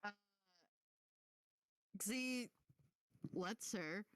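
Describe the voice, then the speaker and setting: A woman's voice: medium pitch, very slow, fairly bright tone, no room sound. A woman playing a tabletop role-playing game, describing things hesitantly with many fillers and laughing often. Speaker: player. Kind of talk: tabletop role-play chat.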